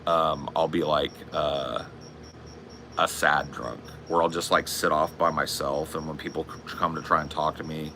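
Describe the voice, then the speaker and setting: Very deep gravelly-voiced man in his forties. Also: steady tone, normal speed, bright, forceful tone, a little hiss or hum. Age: 40s. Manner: rambling, profane, bro-ish banter. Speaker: streamer and podcast host. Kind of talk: casual live-stream chat.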